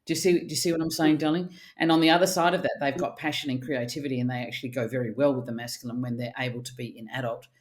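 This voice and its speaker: A middle-aged woman, a therapist speaking in casual podcast chat, animated and blunt, with the odd swear word. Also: rumbling low, very fast, few pauses. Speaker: archetypal therapist guest.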